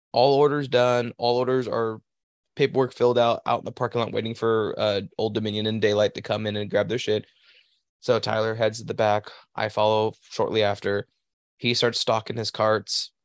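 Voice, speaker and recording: A man's voice: lowish voice, flat delivery, moderate pace, dry recording, studio quality. A young man on a podcast telling a rambling work story in a casual, profane way. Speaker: podcast host. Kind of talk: casual chat.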